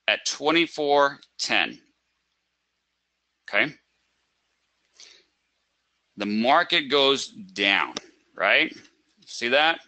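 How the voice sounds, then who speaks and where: A man's voice: medium pitch, sharp tone, no echo, low-quality recording. A man teaching a live trading webinar, asking rhetorical questions and acting out a panicked trader. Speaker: trading instructor.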